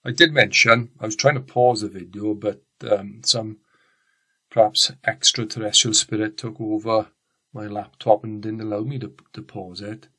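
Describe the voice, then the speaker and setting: A man's voice: lowish voice, fairly even intonation, normal speed, sharp tone. A man with a Welsh accent, a teacher giving a recorded science lesson in a chatty, rambling way and often restarting his sentences. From Wales. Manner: chatty, rambling, self-correcting.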